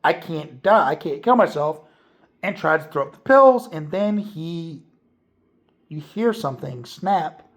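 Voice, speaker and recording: A man's voice: fairly high pitch, creaky. A man giving a casual, spoilery movie review, rambling and swearing freely with lots of fillers.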